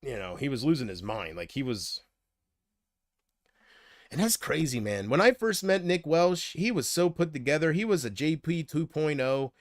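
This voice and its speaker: A man's voice: fairly high pitch, expressive, normal speed, dry recording, clean studio sound. A man chatting casually on a livestream, rambling from thought to thought and often trailing off.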